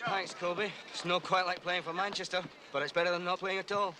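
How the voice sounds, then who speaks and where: A man's voice: high voice, fairly even intonation, fairly quick, lightly acted. A man playing a joking prisoner in a noisy film clip.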